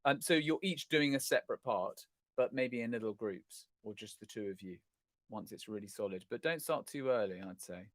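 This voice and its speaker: A man's voice: lowish voice, expressive, normal speed, no echo. A middle-aged man hosts a casual livestream chat, answering viewer questions in a rambling, self-correcting, self-deprecating way. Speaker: host of a live chat stream.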